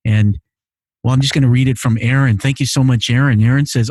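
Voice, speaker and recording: A brisk, steady man with a mid-range, somewhat dark voice hosts his podcast from a home studio set up in his living room. An immigrant to Canada, he reads listener messages earnestly and emotionally, repeating phrases often, and the recording has no echo.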